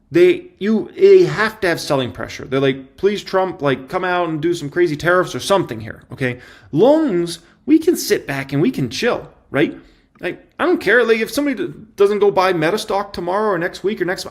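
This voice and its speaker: Male host, fairly high voice, lots of swing in pitch, punchy and repetitive, casual commentary. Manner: emphatic, repetitive, excitable. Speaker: stock market commentator. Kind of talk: casual market commentary to camera.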